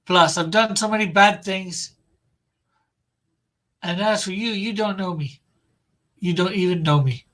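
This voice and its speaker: A man's voice: sits high, measured pace, pauses often, a bit bright. A man voicing a despairing young man who feels unloved and wants to die, reading the lines in a bitter, self-loathing way.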